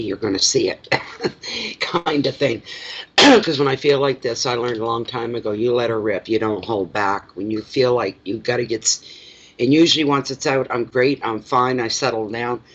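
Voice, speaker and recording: A man with a stuffy nose, rambling to himself while he gets ready for a casual card reading. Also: medium pitch. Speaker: card reader. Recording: lo-fi with clear background noise.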